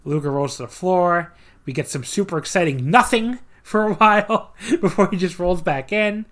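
A man's voice: high voice, moderate pace, a bit bright. Sarcastic man reviewing wrestling matches. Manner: sarcastic, dry asides, many fillers. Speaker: podcast host. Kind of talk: casual wrestling review chat.

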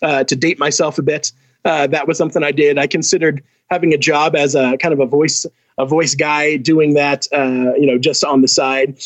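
A man in his forties from California, calling in to a talk show and chatting casually, telling self-deprecating stories with a mimic's lively delivery. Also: fairly high pitch, moderate pace, no echo. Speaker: caller. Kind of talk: casual call-in chat.

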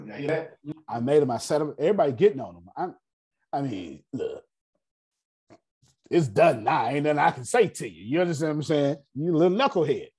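Man running a class with a dark, husky voice, digressive storyteller. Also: on the high side, a little fast. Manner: animated, digressive, addresses the audience directly. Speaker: class leader. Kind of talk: casual teaching and storytelling.

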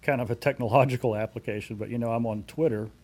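A man in his forties, a company CEO, being interviewed and telling anecdotes in a relaxed way with frequent fillers. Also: medium pitch, fast talker. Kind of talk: conversational storytelling.

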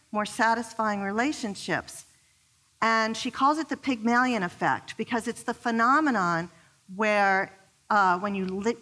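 A woman relationship expert giving an animated talk to a live audience, telling personal stories and asking the crowd questions. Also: mid-range voice.

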